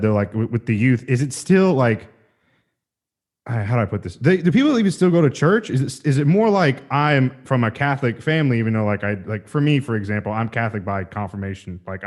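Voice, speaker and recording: A man hosting a podcast in casual chat, rambling and loose as he searches for his words. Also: lowish voice. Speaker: podcast host.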